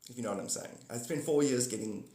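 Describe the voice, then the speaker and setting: A fast-talking man with a mellow, medium-pitched voice rambles through a casual livestream, giggling, switching subjects, and speaking to viewers by name. The recording has an echoey room sound.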